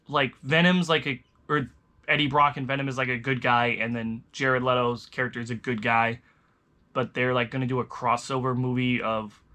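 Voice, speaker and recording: A man's voice: medium pitch, bright, forceful tone. A young man chatting casually as a vlogger, rambling and restarting his sentences often. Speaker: vlogger reviewing movies. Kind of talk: casual chat.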